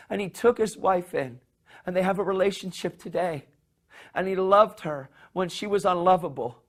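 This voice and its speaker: A man preaching a sermon with passion. He restarts and repeats phrases and shifts into soft, hushed voices when he acts out the people in his story. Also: high voice, normal speed.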